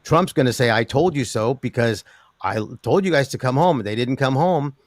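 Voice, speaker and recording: A man's voice: medium pitch, moderate pace, dry recording. Rambling older man, dry close sound. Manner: rambling, animated, many restarts and laughs. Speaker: precious metals commentator. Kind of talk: interview guest.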